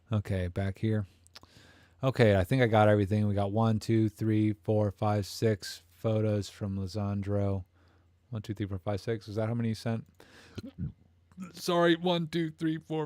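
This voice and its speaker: A man's voice: on the low side, dark tone, no echo. A man hosting a live camera stream, rambling and joking as he reads chat comments aloud.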